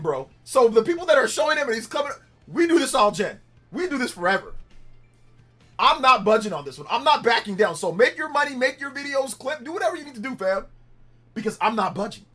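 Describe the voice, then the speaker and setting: A man's voice: very high-pitched, pushed and bright. A man hosting a casual gaming livestream, rambling in repeated phrases and defiant at times. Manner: repetitive, heated, defiant rambling. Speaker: livestream host.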